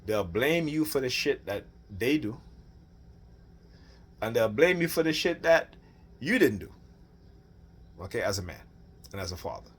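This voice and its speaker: A man's voice: mid-range voice, big pitch swings, a little slow, long pauses, husky. A man venting about family matters in a rambling, heated monologue, often asking "right?". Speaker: father venting on his channel. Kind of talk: casual rant to camera.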